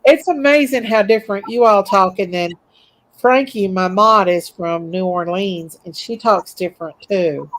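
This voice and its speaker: A woman's voice: medium pitch, normal speed, rough recording. Friendly woman, casual chat. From Eastern Kentucky.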